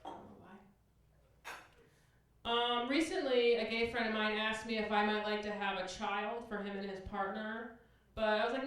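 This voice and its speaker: Deadpan woman comic in echoey club. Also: on the high side, normal speed. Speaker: stand-up comedian. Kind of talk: stand-up set. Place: comedy club stage. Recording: distant echoey club recording with hiss.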